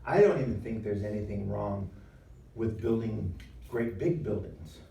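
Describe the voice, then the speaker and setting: A man preaches in a lively, conversational way, leaning into emphatic lines and playful acted-out voices. His tone is dark and mellow. He sounds set back from the mic in a roomy live venue with a faint hum of ambience behind him. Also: lowish voice, a little slow, vocal fry, far from the mic. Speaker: former pastor giving a talk. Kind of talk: preaching talk.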